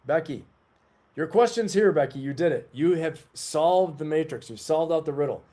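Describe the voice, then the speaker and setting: Mellow-voiced man hosting a livestream. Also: a little high, lively intonation, moderate pace. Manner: rambling, chatty, talks to the chat. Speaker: livestream host. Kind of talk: casual live-stream chat.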